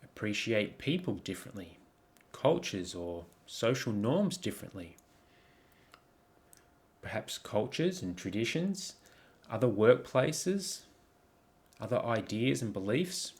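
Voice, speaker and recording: A man with a fairly low voice gives a coaching presentation over slides. He talks reflectively, putting question after question to the listener and pausing on frequent ums and restarts. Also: big pitch swings. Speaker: life coach.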